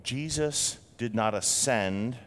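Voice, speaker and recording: A man preaches from the pulpit, his delivery animated and dramatic as he acts out the voices he quotes. His voice sits in a middle register, and it rings with the long reverb of a large hall. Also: takes it slowly. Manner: animated, acts out quotes with big swings in pitch. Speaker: pastor. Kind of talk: sermon.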